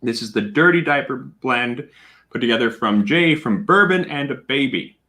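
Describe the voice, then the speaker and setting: A man hosts a casual livestream from a room at home. He talks in a chatty, animated way, full of fillers and shout-outs. His voice is bright and swoops up and down a lot. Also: mid-range voice, normal speed. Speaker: livestream host.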